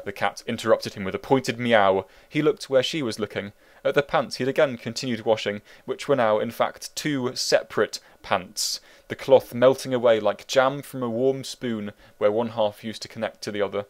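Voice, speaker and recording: A man who wrote the book, reading it as an audiobook narrator in a wry, meandering, deadpan way. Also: mid-range voice, moderate pace, hardly any pauses.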